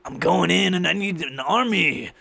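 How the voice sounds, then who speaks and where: A man voicing a swaggering, hyped-up male crypto bro who rallies an army with drawn-out moaning "mm, yeah" sounds. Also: sits high, vocal fry, no echo, voice pushed up, exaggerated voice. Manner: shouted, swaggering hype.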